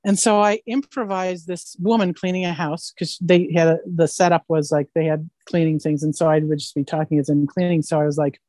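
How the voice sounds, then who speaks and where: A woman actress tells stories as an interview guest in a lively, rambling way and keeps checking in with "right?". Her voice sits a little low. The sound is dry and close, with no room echo. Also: fairly quick, few pauses. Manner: animated storyteller, keeps asking "right?". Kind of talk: casual anecdotal interview.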